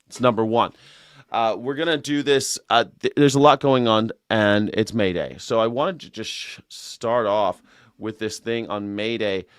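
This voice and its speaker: Man, livestream commentator, low voice, dry sound, rambling, jokey. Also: unhurried, clear, resonant tone, dry recording. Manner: rambling, jokey, self-mocking. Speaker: news and culture commentator. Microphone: desk mic with monitors.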